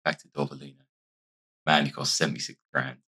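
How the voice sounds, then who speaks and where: A man with a hoarse, fading voice giving casual let's-play commentary, chatting and thinking aloud as he plays. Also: a bass voice, flat delivery, brisk, sharp tone. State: losing his voice. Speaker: gaming YouTuber.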